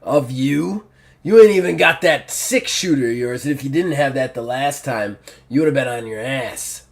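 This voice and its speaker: A man's voice: medium pitch, normal speed, gravelly, natural voice. A man voicing a hulking, vengeful male bull mutant who taunts and boasts. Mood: taunting.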